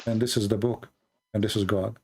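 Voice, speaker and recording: Man, gravelly, earnest preacher-style explainer, deliberate pacing. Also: fairly low pitch, fairly even intonation, noisy background. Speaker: Christian apologist answering a caller.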